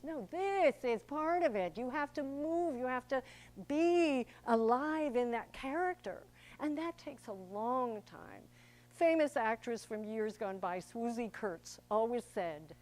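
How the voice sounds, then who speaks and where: A woman's voice: a little high, expressive, a little slow, a little mellow. An older woman, an actor and director, giving a chatty, theatrical public talk to an audience. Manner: chatty and theatrical, acts out quoted voices.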